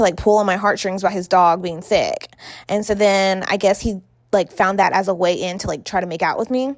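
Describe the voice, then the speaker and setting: A woman's voice: mid-range voice, no echo, studio quality. Chatty woman telling a story. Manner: chatty, addresses viewers as y'all, acts out quotes. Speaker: vlogger. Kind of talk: storytime vlog while getting ready.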